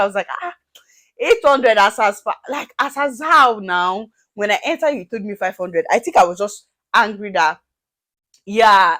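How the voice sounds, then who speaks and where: A young Nigerian woman with a Nigerian accent, telling a storytime vlog and acting out the people in it. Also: medium pitch. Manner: animated, acts out dialogue in shifting voices. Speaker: vlogger.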